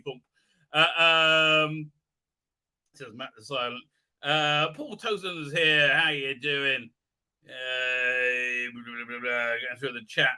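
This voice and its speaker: A man's voice: fairly high pitch, bright, forceful tone. A man hosting a live stream, chatting casually in a rambling, sarcastic and self-mockingly grumpy way, swearing freely.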